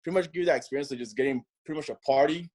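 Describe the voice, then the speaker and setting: A man chatting as an interview guest in a relaxed, rambling way full of fillers. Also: on the high side, racing. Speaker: guest, nightlife host. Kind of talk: casual interview chat.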